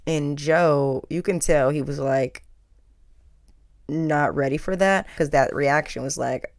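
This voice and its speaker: A woman's voice: low voice, a little slow, dry recording, clean studio sound. A woman hosting a podcast, giving chatty, opinionated pop culture commentary full of filler words. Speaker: podcast host.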